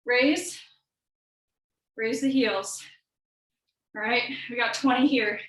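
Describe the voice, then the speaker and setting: A woman's voice: a little high, takes it slowly, a bit bright. A young woman fitness coach leading a live workout class, calling out encouraging cues and countdowns while a little out of breath. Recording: echoey room, from far off.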